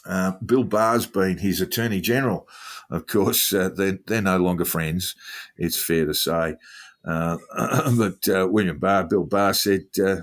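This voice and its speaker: A male podcast co-host with a low-pitched voice talks casually about politics at a measured pace. His delivery is hesitant and heavy with fillers.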